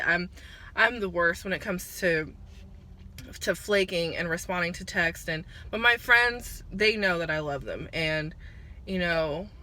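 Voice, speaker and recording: Emotional vlogger, woman in her twenties, bright voice, halting and fighting back tears. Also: on the low side. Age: 20s. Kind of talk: emotional personal vlog. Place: at work, on a break.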